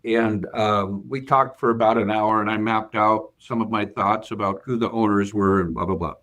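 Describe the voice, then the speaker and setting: Earnest, lower-voiced man telling a story. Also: fairly even intonation, normal speed, a bit bright. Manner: earnest, hesitant with many fillers and repeated starts. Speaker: bank CFO, guest. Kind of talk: reflective interview storytelling.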